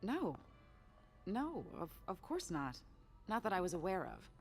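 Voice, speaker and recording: A formal, guarded auction house host from a video game. Her pitch moves in a lively way as she stays polite and deflects questions. Faint music plays underneath. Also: measured pace, heavily acted. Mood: evasive. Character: evasive female auction house host, polished and nervous. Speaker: game character.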